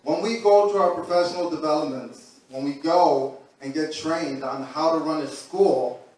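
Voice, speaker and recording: A man, a school counselor, giving an earnest, supportive public comment at a school meeting. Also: fairly high pitch. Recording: very echoey room, distant mic.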